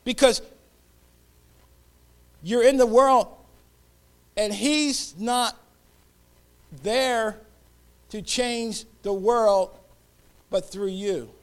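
A man preaching a sermon, leading call-and-response and dropping to whispered hallelujahs between loud calls. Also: very high voice, drawn-out words, long pauses, clear, resonant tone.

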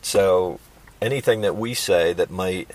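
A man's voice: sits low, a little slow, low-quality recording. A man co-hosting a casual Christian podcast, affirming and preacherly in his asides. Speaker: podcast co-host.

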